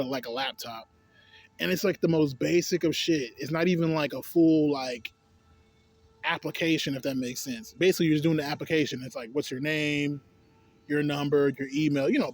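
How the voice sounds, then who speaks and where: A young man rants in a loose, storytelling way. His voice sits a little higher than most men's. He swears freely, sounds exasperated, and laughs between his complaints. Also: dry recording. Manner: profane, exasperated, laughing asides. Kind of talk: casual storytelling rant.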